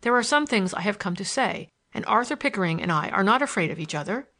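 A woman reading a storybook, voicing a bold young gentleman who talks with confident, teasing assurance. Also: medium pitch, animated, fast. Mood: earnest. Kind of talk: audiobook character voice.

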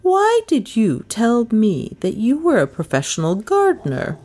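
A woman voicing an imperious elderly spinster who questions sharply and commands briskly. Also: fairly high pitch, big pitch swings, a little mellow, voice pushed up. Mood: accusing.

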